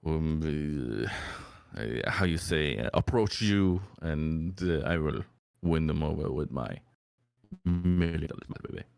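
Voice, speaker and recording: A man's voice: rumbling low, unhurried, gravelly, a little mellow, no room sound, clean studio sound, pitched below the performer's own voice, exaggerated voice. A man putting on a poor French accent to play a boastful, bawdy male escort applicant in an improvised comedy game. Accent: put-on French accent, deliberately poor. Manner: hammy, bawdy, stumbling with filler sounds.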